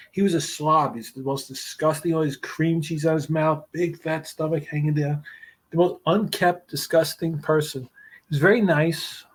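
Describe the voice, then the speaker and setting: Husky man telling profane stories. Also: a little high. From New York. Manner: profane, rambling anecdotes. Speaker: guest, screenwriter. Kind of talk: casual storytelling.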